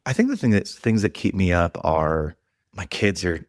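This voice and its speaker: A podcast host in his late thirties asks questions in an earnest, candid way. His voice sits on the low side. It is recorded close and dry, with no room sound. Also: expressive, moderate pace, no room sound. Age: 30s. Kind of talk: casual interview chat.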